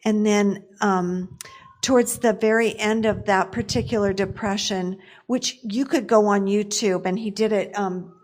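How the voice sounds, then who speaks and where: A woman's voice: medium pitch, fairly even intonation, a little slow, a little mellow. A woman on a church conference panel, answering a question in an earnest, reflective way.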